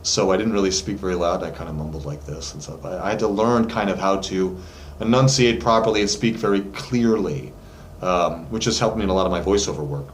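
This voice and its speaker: Speaking a little fast in a lowish voice, this vocal coach gives a relaxed singing lesson to camera in his studio. His delivery is chatty and full of fillers, and he sings notes to demonstrate. Faint noise sits behind him in an echoey room.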